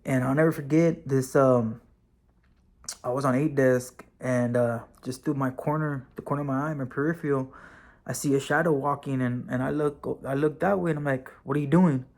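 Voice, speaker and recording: A man's voice: medium pitch, moderate pace. Man casually telling a personal story. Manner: relaxed and conversational, with frequent fillers and occasional swearing. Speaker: vlogger and former correctional officer, now bus driver.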